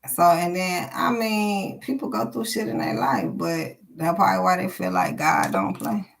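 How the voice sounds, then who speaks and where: A woman's voice: on the low side, animated, normal speed, vocal fry. A woman, giving a live-streamed tarot reading and chatting bluntly with her viewers, with plenty of swearing. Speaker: tarot reader.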